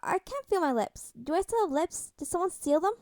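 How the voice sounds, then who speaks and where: A woman's voice: very high voice, sing-song, brisk, darkish tone, no echo, studio quality, pitched above the performer's own voice, exaggerated voice. A woman voicing a sweet, drowsy teenage boy with slurred, gushing, childlike speech in a fan audiobook reading.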